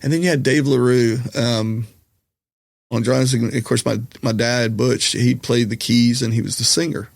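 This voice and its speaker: A man's voice: medium pitch, fairly even intonation, moderate pace, vocal fry, no room sound. A man with a Southern US accent, a comedian and musician, telling rambling, self-deprecating stories with lots of fillers in casual chat. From Colorado. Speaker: podcast guest, comedian and musician.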